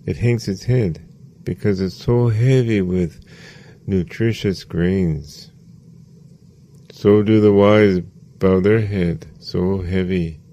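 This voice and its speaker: A man giving a sermon as a spiritual teacher, slow and measured, repeating phrases for emphasis. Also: low voice, mellow.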